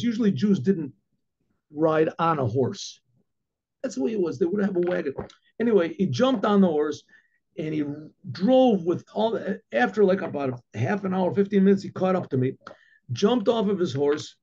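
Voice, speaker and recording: A man, a rabbi, telling a story in an animated way, acting out the dialogue with many restarts and asides. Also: a little high, husky. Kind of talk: storytelling talk. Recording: dull lo-fi recording.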